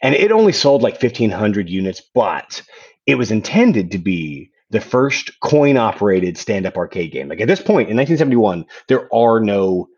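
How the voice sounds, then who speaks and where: Animated man hosting a podcast. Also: fairly low pitch, moderate pace, husky. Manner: animated, swearing, lots of restarts. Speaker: podcast host. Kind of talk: casual podcast chat. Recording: dull lo-fi sound.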